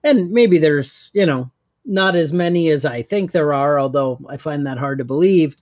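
A man with a slightly high voice, chatting casually on a podcast. He rambles through stories and laughs easily. The sound is dry and close, with no room echo. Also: expressive, normal speed. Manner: rambling storyteller, laughs often. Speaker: podcast co-host. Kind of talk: casual chat.

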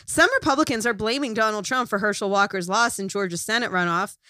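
A woman's voice: mid-range voice, quick pace, bright, forceful tone, no echo, studio quality. A woman reading comedy jokes in a casual writers' room, with a sarcastic delivery.

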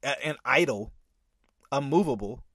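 A man gives animated reaction commentary, pushing back on a preacher with emphatic repeats and bursts of laughter. His pitch swings widely as he argues. The sound is dry and close. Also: measured pace, no echo. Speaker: commentator reacting to a sermon clip. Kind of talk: reaction commentary with scripture reading.

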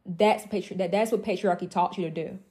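Blunt, emphatic woman with a mellow voice. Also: on the low side, steady tone, a little fast. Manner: emphatic, repetitive, blunt and profane, with mocking asides. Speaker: women's mentor. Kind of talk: impassioned motivational monologue.

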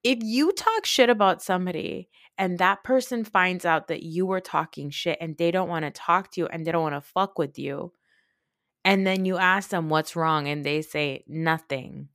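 A woman's voice: lowish voice, moderate pace, a bit bright, no echo, studio quality. A woman hosting a podcast, recapping and ranting in a casual, exasperated way and swearing freely. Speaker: podcast host.

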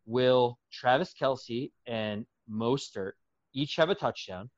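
A man co-hosting a sports podcast, telling a betting story in an animated, suspense-building way. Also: medium pitch, slow, no echo, lo-fi sound. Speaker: podcast co-host. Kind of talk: casual sports chat.

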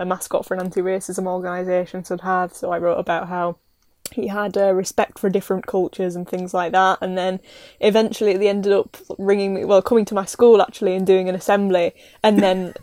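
Young woman, from england, guest, flat even delivery, dry close sound. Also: medium pitch, no room sound. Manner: tells a story with small laughs. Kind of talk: casual chat.

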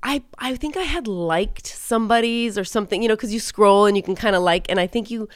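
A woman's voice: mid-range voice, fairly quick, dry recording, studio quality. A woman in her forties co-hosting a podcast, telling a story in a chatty, laughing way that is full of swearing. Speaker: podcast co-host. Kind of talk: casual chat.

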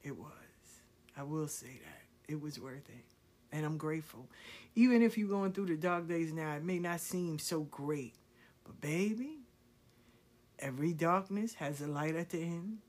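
A woman's voice: low voice, animated, moderate pace, a little mellow. A woman and spiritual reader telling her life story on a live video, laughing often, swearing freely and repeating herself to drive home an encouraging, preachy point.

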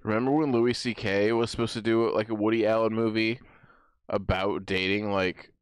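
A man's voice: fairly low pitch, fairly even intonation, normal speed, clean tone, no echo. A young man co-hosting a podcast, playful in casual chat, slipping into silly sing-song bits. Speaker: podcast co-host.

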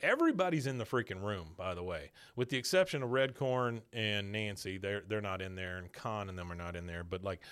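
A man's voice: fairly low pitch, expressive, brisk, few pauses, a bit bright, clean tone. A man hosting a podcast, recapping a TV episode in a chatty way, laughing often. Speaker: podcast host.

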